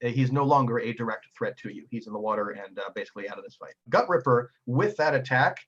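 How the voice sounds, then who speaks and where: A man narrates a tabletop game as its game master, playful and quick with jokes. His voice has a husky edge and a lively, swinging pitch, and it is captured in a dull, lo-fi recording. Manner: playful, jokey, acts out figures.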